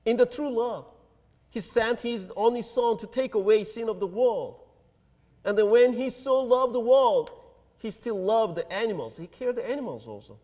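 A man preaching a sermon as pastor, earnest and deliberate, pausing between phrases. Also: high-pitched, a little mellow. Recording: long hall reverb.

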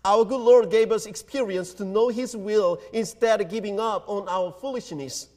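High-pitched guy pastor giving a sermon, slow and earnest, big echoey hall. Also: a little mellow. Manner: earnest, deliberate preaching with pauses. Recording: long hall reverb.

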